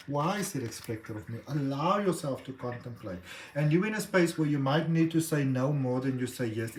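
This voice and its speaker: A man's voice: mid-range voice, a little mellow, roomy sound, a little hiss or hum, rough recording. A man giving a casual, encouraging tarot reading, chatty and full of fillers. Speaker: tarot reader.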